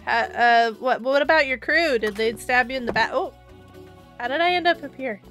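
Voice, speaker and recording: A woman's voice: high voice, moderate pace, a bit bright, faint music behind. A woman hosting a game role-play, bubbly and playful, laughing easily and pleading with other characters.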